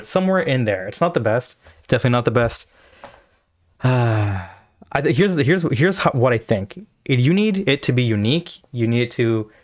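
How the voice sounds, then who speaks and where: A man streaming live, reacting bluntly and profanely while thinking aloud. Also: medium pitch. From Pakistan or India. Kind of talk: casual live-stream commentary.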